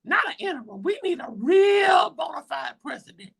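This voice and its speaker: A woman's voice: high voice, sing-song, normal speed, gravelly, raised voice, exaggerated voice. A woman voicing a whiny little boy football fan who pleads and rambles to Santa in a comedy skit. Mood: pleading.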